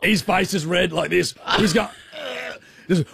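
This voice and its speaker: A young Australian man co-hosting radio, telling a rambling, self-mocking story in a husky voice. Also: sits high, measured pace, background noise. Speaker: radio co-host. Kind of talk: casual storytelling chat. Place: radio studio.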